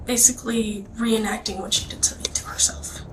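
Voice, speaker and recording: A tired young woman answering questions in a police interview, soft and hesitant, often trailing into near-whispers. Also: on the high side, little pitch movement, fairly quick. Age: young adult. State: exhausted. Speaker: suspect being questioned. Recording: distant, noisy interview-room recording.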